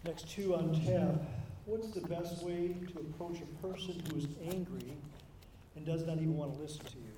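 A man's voice: a little high, moderate pace, mellow. A man reading audience questions aloud to a pastor as moderator. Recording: distant echoey room with background noise.

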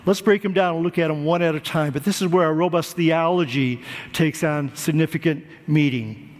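A man's voice: a little high, moderate pace, big-room sound. A man preaching a sermon, earnest, repeating words for emphasis. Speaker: pastor.

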